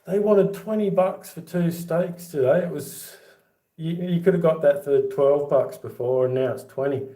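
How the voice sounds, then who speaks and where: Middle-aged Aussie bloke, casual livestream host, easy storyteller, recorded in a roomy, echoey space. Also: male voice, a little high, normal speed, warm tone. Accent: Australian. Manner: chatty, laughs through his own yarns. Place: home with boxed-up rooms. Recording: echoey room.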